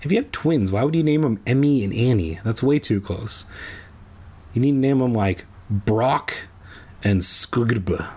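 Husky man reading with sarcastic asides. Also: mid-range voice, expressive, normal speed, dark tone. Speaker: comedic reader. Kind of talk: irreverent book reading with asides.

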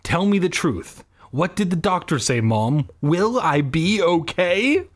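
A man's voice: high voice, big pitch swings, takes it slowly, voice pushed up, full character voice. A man doing a panicky whiny boy. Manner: whiny, pleading. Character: panicky injured young boy.

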